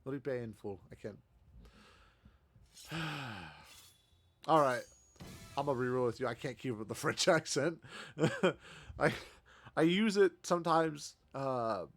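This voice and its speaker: This game streamer's voice sits on the high side, with lively intonation and a slow delivery broken by frequent pauses. He chats casually through his gameplay, laughing often and making jokes at his own expense.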